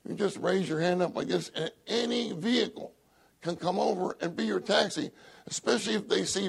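An older man with a husky, gravelly voice, telling a humorous story in a sermon and laughing often. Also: high voice, normal speed. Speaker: church speaker.

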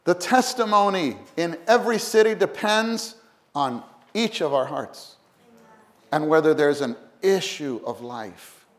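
A male preacher delivering a sermon in a slightly high voice. He swings between loud, rising passages and hushed, low ones, and acts out little quoted voices along the way.

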